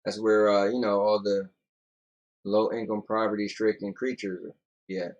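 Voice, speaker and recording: Easygoing lowish-voiced man rambling. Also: flat delivery, normal speed, a little mellow, dull audio. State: yawning, tired. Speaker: podcast co-host. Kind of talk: casual chat reading comments.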